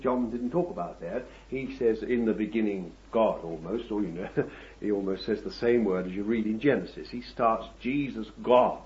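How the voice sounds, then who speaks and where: A man preaching a sermon, with drawn-out emphatic phrasing and asides to the congregation that build to forceful preaching. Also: lowish voice. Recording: dull lo-fi sermon recording.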